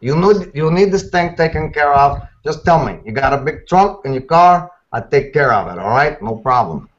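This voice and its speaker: A man's voice: fairly high pitch, lively intonation, normal speed, pitched above the performer's own voice, lightly acted. A man voicing a brash, swaggering mobster fixer who pushes his offer and repeats himself, on a dull lo-fi online call. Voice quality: swaggering, pushy, repeats itself.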